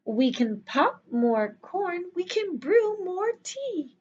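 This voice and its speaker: A woman voicing a small, kindly storybook mouse in a squeaky, soothing way. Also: sing-song, slow pace, a little mellow, lo-fi sound, slight background noise, heavily acted. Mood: reassuring.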